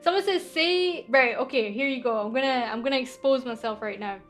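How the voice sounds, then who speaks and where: High-voiced playful Scottish woman streamer. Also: fairly quick, fairly bright tone, faint music behind. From Scotland. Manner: playful, teasing, giggly. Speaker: VTuber streamer. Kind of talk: casual live-stream Q&A.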